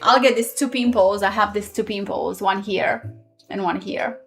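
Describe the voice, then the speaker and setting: A woman's voice: medium pitch, normal speed, gravelly, over music. A woman in her thirties, not a native English speaker, chatting casually on a live stream and answering viewer comments. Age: 30s.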